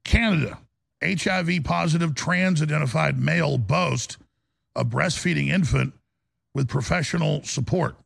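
A male talk radio host with a gravelly, raspy voice, rambling in an impassioned studio monologue with restarts and rising outbursts. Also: fairly high pitch, normal speed, fairly bright tone, no echo. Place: broadcast studio.

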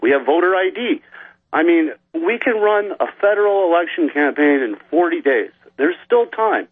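A man's voice: on the high side, animated, normal speed, husky, no room sound. Male caller from Canada on a tinny phone line. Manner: rambling, joking. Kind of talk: call-in over the phone.

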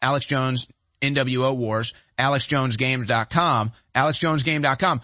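A man's voice: fairly high pitch, normal speed, pushed and bright, no echo. A man hosting a talk show, giving emphatic, sarcastic political commentary.

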